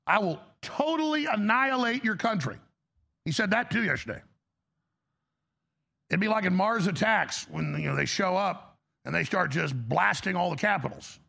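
A man's voice: high-pitched, moderate pace, gravelly, long pauses, pushed and bright, husky. A man hosting a talk show, giving a heated, emphatic political commentary monologue with frequent restarts.

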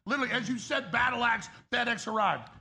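Male talk show host, high husky gravelly voice, excitable, bright. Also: fast.

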